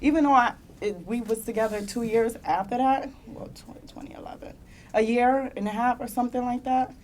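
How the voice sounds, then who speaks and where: A young woman speaking on a conference panel in a meeting room offers heartfelt personal testimony, close to tears at times and laughing ruefully in bursts. Her voice is on the high side, fairly quick and darkish, with a little hiss or hum.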